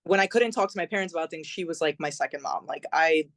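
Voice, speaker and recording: Her voice sits low, fast and a bit bright in a dry recording: a young adult singer-songwriter, guesting on a podcast. She tells her story conversationally, filler-heavy and acting out quoted dialogue.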